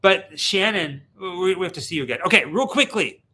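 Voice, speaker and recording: A man's voice: sits high, lively intonation, brisk, pushed and bright, breathy edge. A man co-hosting a casual livestream watch party from a hotel room, joking and teasing as he talks to viewers. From Pittsburgh, USA. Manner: joking, teasing, self-deprecating.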